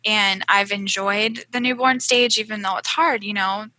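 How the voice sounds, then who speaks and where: A young adult woman telling her birth story as a podcast guest, earnest, with lively quoted voices and many fillers. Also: mid-range voice, normal speed, poor audio. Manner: earnest, animated when quoting others, many fillers.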